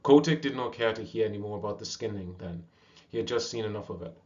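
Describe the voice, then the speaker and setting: Low-voiced man reading a story aloud. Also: fast talker. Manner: steady reading with small slips. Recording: dull lo-fi recording.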